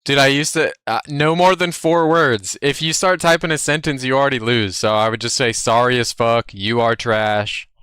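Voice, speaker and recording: Brash, cocky man with a bright voice. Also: medium pitch, brisk, few pauses, clear, resonant tone, no room sound, clean studio sound. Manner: brash, profane, cocky storytelling. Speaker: livestreamer. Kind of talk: casual stream chat.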